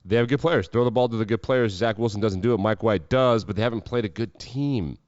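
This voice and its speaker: Deep-voiced sarcastic sports podcaster. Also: male voice, darkish tone, dry recording, highs cut off. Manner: sarcastic, profane, quick asides. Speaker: podcast host. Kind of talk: casual sports commentary.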